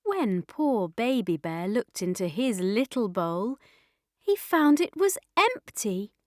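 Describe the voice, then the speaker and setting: A woman reading a children's story aloud in a slow, clear, expressive way. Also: on the high side, no echo, studio quality.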